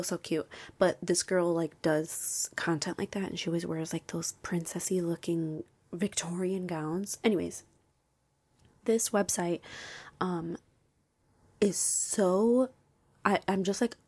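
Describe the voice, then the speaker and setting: A young woman vlogging in a casual, gushing, excitable way, often dropping into a whisper. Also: lowish voice, slightly rough. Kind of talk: casual chat.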